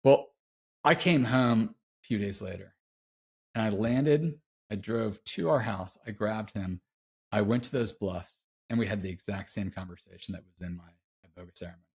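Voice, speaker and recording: A man's voice: on the low side, moderate pace, a little mellow, breathy edge. A middle-aged man telling a personal story as a podcast guest, laid-back and slangy, heartfelt and confessional. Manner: laid-back, slangy, peppers speech with "dude". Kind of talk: casual interview storytelling.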